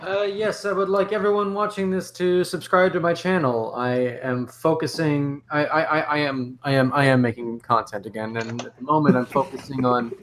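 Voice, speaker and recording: A man's voice: on the high side, steady tone, moderate pace, hardly any pauses. A man talking about his video channel in a casual group chat, hesitant and stammering. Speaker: content creator. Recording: echoey, noisy call audio.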